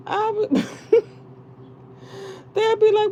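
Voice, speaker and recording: A woman talks unhurriedly to her viewers in a mellow, relaxed voice. She rambles, swears freely and laughs between thoughts. A faint hum sits behind her. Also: extremely high pitch, takes it slowly, vocal fry, pauses often, muffled recording. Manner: profane, laughing, rambling storytelling. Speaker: live streamer. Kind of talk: casual venting chat.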